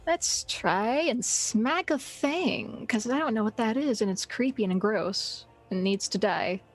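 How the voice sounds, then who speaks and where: A woman's voice: a little high, lively intonation, unhurried, faint music behind. A woman playing a tabletop game, playful and giggly as she reacts to the action. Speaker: player. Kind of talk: casual tabletop play.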